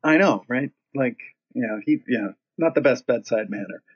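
Male guest, husky, loose rambling storyteller with a casual swearing manner, muffled lo-fi recording. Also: medium pitch, lively intonation, moderate pace. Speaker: band singer, guest.

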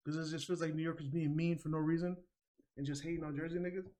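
Animated high-voiced New man. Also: fast. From New York. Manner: animated, laughing, mimics people. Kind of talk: casual chat.

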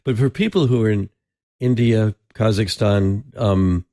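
A man hosting a podcast interview, talking casually with many restarts and throat clearing. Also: on the low side, a little slow, dark tone, no room sound, studio quality. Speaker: podcast host.

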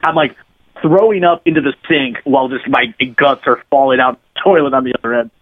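Husky-voiced man telling a profane story. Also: medium pitch, brisk. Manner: profane, rambling, laughs mid-story. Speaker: podcast guest, bass player. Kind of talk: casual storytelling. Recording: phone-like lo-fi sound.

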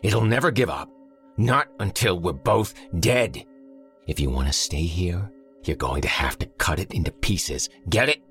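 A man's voice: sits low, expressive, measured pace, a bit bright, soft background music, heavily acted. A male narrator voicing a hardened, injured man who talks bluntly and gives orders. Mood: snarling. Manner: blunt, commanding, snarling. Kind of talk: audiobook character voice.

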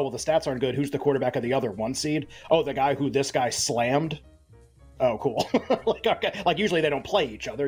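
A man on a sports betting podcast, talking loosely and with a sarcastic edge. His voice has a husky, breathy grain at a middle pitch. Faint music plays under him. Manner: animated, sarcastic, many fillers. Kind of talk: casual chat.

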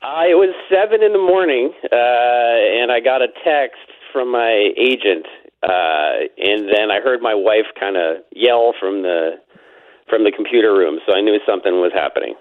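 A man's voice: fairly low pitch, expressive, normal speed. A man interviewed as a guest author, answering in a modest, easygoing way. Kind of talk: radio interview. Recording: phone-line sound.

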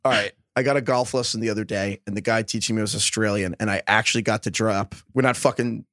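A man co-hosting a podcast in casual chat, telling animated stories with lots of fillers. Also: on the low side, fast talker, no room sound, clean studio sound. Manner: animated storyteller, many fillers. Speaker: podcast host.

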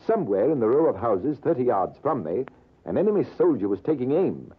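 Husky storytelling major. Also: male voice, mid-range voice, big pitch swings. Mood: dramatic. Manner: dramatic, measured storytelling. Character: British army major spinning a tale. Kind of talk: 1940s radio acting. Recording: narrow lo-fi old radio broadcast.

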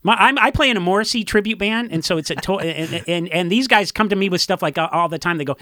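Punk musician guy chatting, kinda high bright voice, dry close sound. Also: fast talker, hardly any pauses, dry recording. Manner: rambling storyteller, lots of fillers and laughs. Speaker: podcast guest, punk musician. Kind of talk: casual chat.

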